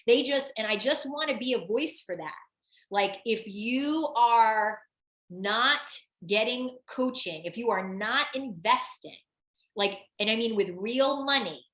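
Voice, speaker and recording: A woman coach hosting a webinar, talking with a client in an animated, emphatic way, full of "like" and repeated phrases. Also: on the high side, reverberant. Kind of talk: live coaching conversation.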